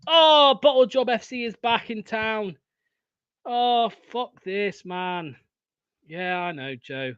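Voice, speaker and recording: A young man hosting a live football watchalong, swearing often and swinging from excited shouting to deflated muttering. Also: high-pitched, slow, clean tone, dry recording, lo-fi sound. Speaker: fan watchalong host.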